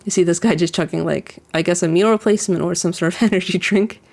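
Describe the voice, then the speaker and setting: Her lowish, creaky voice has a darkish tone and stays steady even as she talks fast. She's casually reacting to an anime episode, rambling with plenty of "like," restarting often, and chuckling through her scene descriptions.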